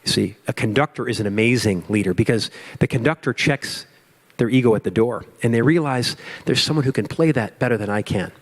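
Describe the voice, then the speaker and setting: A man's voice: mid-range voice, brisk. A man giving a motivational keynote to an audience, with emphatic repetition and storytelling. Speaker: keynote speaker. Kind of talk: motivational speech.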